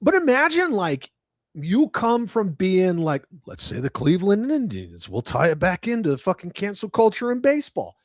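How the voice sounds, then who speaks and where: A man's voice: sits high, no room sound, studio quality. Ranting, profane streamer man. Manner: profane, ranting, reads chat aloud. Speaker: livestream host. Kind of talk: casual livestream chat.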